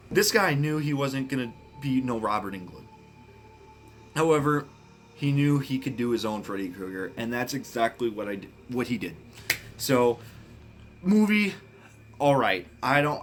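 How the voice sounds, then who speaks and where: A man casually ranking horror films, speaking bluntly, swearing often and getting excited about what he likes. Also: medium pitch. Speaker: movie reviewer. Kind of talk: casual film ranking monologue.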